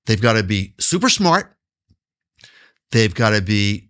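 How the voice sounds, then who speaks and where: A man speaking as a guest in an interview. His pitch moves a lot, rising and falling as he stresses points, and he repeats key words to hammer them home. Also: very animated, normal speed, pauses often, a bit bright. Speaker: guest, business founder. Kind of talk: interview answer.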